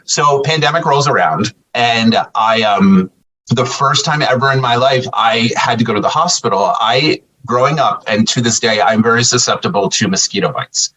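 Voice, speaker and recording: A middle-aged man appears as a podcast guest, casually telling a story and animatedly acting out the quoted back-and-forth of conversations. His voice is medium-pitched at normal speed, captured in a low-quality recording.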